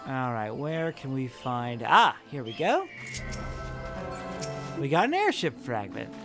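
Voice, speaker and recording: Relaxed male let's play host, offhand and jokey, animated pitch. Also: slow pace, music in the background. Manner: laid-back, offhand, jokey. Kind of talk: casual gameplay commentary.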